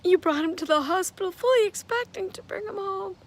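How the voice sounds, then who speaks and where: This older woman's voice is very high-pitched and slightly fast as she vlogs about home repairs, chatting frankly and meandering through her house, yard and garage with a phone held at arm's length in selfie mode.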